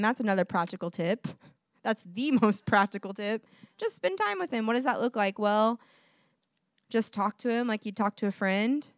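Youngish woman preaching casual-like, kinda high voice, laughs a lot, says "like" and "you know" all over, dry close sound. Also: no room sound. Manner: warm conversational, laughs often, fillers like "like" and "you know". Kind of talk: casual sermon.

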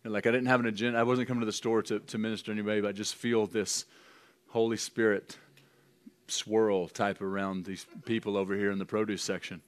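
A man pastor preaching in a loose, conversational way to his church family, with halting restarts and light laughs. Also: fairly low pitch, little pitch movement. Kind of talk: informal charismatic preaching and prophecy. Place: church gathering.

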